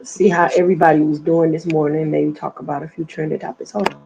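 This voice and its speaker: A middle-aged woman with a heavy voice livestreams from her apartment, rambling casually with many fillers and lost trains of thought. Her voice is low, creaky, a bit mellow, and flat, delivered quickly over poor audio.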